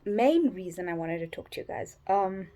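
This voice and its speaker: Her voice is mid-range, expressive and warm. This exhausted, sleep-deprived vlogger rambles from her bedroom, yawning, stalling and starting over many times.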